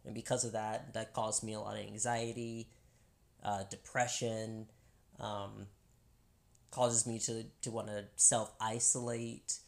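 Very low-voiced woman in casual chat. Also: a little mellow. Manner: candid, laughs often, many restarts.

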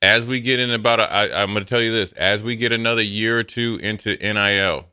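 Low-voiced co-host guy, bright smooth tone, chatting sports confidently. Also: fairly even intonation, quick pace, dry recording, studio quality. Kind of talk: casual sports talk.

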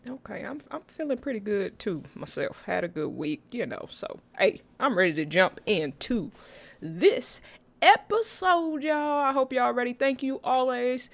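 A woman's voice: fairly high pitch, big pitch swings, unhurried, vocal fry. A woman hosts a casual live-streamed podcast, chatty and playful. She teases her co-host good-naturedly and talks straight to her listeners, with an easy, conversational flow.

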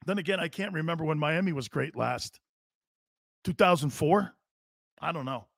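Man, sports talk host, blunt, sarcastic, profane, fairly high voice, dry close sound. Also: gravelly, no room sound. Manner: blunt, sarcastic, mocking coach-speak; swears casually. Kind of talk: live sports talk monologue.

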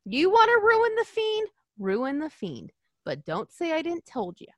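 A woman co-hosting a podcast in casual chat, animated and profane, with frequent laughing asides. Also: very high voice, a little slow, dry recording. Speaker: podcast co-host.

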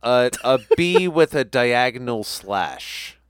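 A man's voice: medium pitch, very animated, slow, clean tone, no room sound. A man co-hosting a casual podcast, joking around with crude, playful banter. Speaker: podcast co-host. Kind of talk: casual chat.

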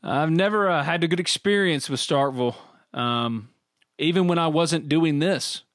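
Guy cohosting a sports show, kinda high voice, laughing through his stories, dry close sound. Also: normal speed, no room sound. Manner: animated storyteller, laughs often. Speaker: podcast co-host. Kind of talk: casual sports talk.

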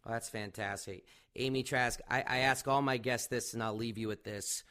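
A man's voice: medium pitch, fairly even intonation, normal speed, pushed and bright, smooth. A man hosting a casual interview, asking friendly, rambling questions. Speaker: podcast host.

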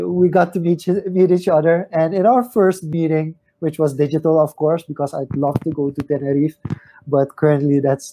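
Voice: medium pitch, dark tone, husky, dry recording. A co-host who opens the show in a casual, upbeat way, telling how they met the guest and reading out viewer comments. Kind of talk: casual conversation.

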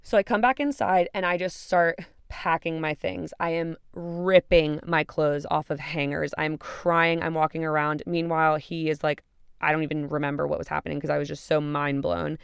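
In studio-quality audio with no room sound, a woman in her twenties hosts a podcast, sharing a personal story in a candid, profane way and acting out the quotes. She speaks at normal speed in a low, steady, gravelly voice with a clean tone.

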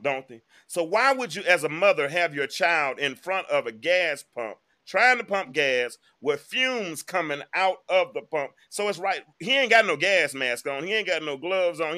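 A man runs a live online talk show, chatting emphatically and speaking directly to the people watching. His voice is a little high, pushed, and bright.

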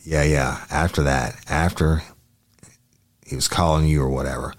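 A deep, quiet police detective, as a man reads his lines, asking a witness questions in a plain, low-key way. Nothing is dramatized. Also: steady tone, moderate pace. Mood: questioning.

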